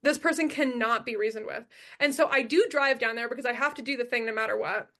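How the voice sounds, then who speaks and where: Young adult woman, podcast guest, high pitched, blunt, profane, emphatic storytelling. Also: quick pace, fairly bright tone. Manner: emphatic, blunt and profane, repeats key lines.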